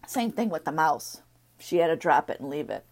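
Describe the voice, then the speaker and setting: A woman's voice: low-pitched, normal speed. Chatty woman telling dog-training stories. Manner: rambling, animated storytelling with acted-out dog voices. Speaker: dog owner sharing training tips. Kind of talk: casual chat.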